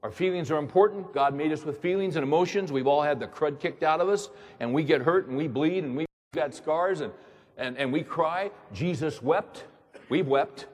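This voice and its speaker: Husky pastor preaching in a reverberant hall. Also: male voice, a little high, moderate pace. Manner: emphatic, repeats words, fires rhetorical questions. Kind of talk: sermon. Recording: long reverb of a large hall.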